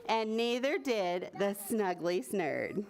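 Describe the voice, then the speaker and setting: A woman with a medium-pitched voice speaks slowly while reading a picture book to preschoolers at library story time. As a librarian in the story room, she is animated and asks the children questions.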